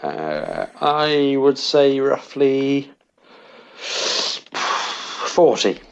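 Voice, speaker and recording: A man's voice: medium pitch, big pitch swings, drawn-out words, vocal fry, clear, resonant tone. A man as a podcast co-host playing quiz contestant, thinking aloud with hesitant fillers. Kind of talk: casual chat.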